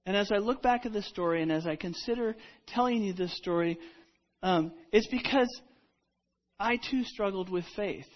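A woman retelling a Bible story in the first person as a disciple, halting and repeating herself, dropping to a hush and then rising loud. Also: mid-range voice. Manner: halting, with repeated words and restarts; dramatic swings between hushed and loud. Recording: dull lo-fi recording.

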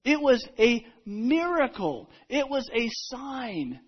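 A woman with a breathy, fairly high voice tells a Bible story in the first person as one of the disciples. She stumbles and restarts often and swings from near-whispers to loud, dramatic moments. The recording sounds dull and lo-fi. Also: very animated. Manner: halting, with repeated words and restarts.

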